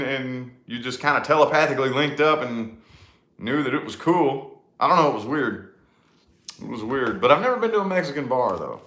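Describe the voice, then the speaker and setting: A man with a Tennessee accent chatting on a vlog, rambling and circling back with "you know what I mean." His voice is bright and swings lively up and down. It sounds roomy and echoey. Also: medium pitch. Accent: Southern US, Tennessee. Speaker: vlog host, musician. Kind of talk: casual chat. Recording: roomy echo.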